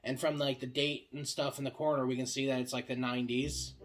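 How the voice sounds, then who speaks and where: A young man pitching show ideas in a casual comedic monologue, rambling and swearing freely, full of filler words. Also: level tone. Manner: acts out the other characters' lines in quick bursts.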